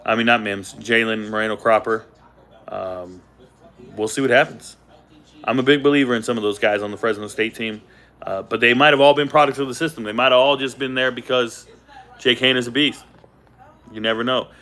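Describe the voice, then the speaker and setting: A man hosting a casual live-stream reaction to the football draft from a hotel room without his usual setup, animated and repeating himself for emphasis. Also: mid-range voice, fairly quick. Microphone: not his usual setup.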